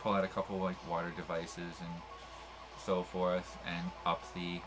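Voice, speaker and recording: A man's voice: low-pitched, completely flat delivery, normal speed, over music, rough recording. A man playing in a tabletop game, laid-back and joking. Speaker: player. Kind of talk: casual chat at a game table.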